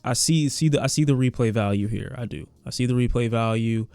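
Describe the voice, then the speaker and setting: Man, casual music review talk, sarcastic asides, smooth clear voice, dry close mic. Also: medium pitch, fairly quick, darkish tone, no echo. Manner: candid, sarcastic asides to the song. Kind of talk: casual reaction commentary.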